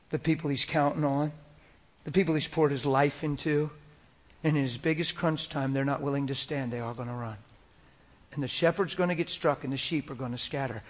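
A man preaching a sermon in an animated way, moving between loud acted quotes and hushed, whispered asides. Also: on the high side.

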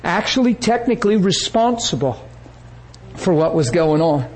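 Male preacher, fairly high voice, animated testimony sermon with a faint background hum. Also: normal speed, poor audio. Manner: animated storytelling that acts out the people it quotes.

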